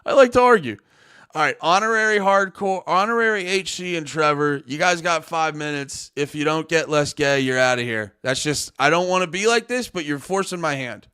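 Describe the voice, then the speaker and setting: A man's voice: a little high, normal speed, hardly any pauses, sharp tone, smooth. A man streaming live, a comedian ranting at his chat in a profane, exasperated, argumentative way. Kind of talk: livestream rant at chat.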